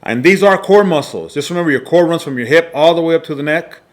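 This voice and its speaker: Presenting a fitness lesson with slides, this male coach leans on emphatic, deliberate repetition and keeps checking in with his audience. He speaks in a voice on the high side.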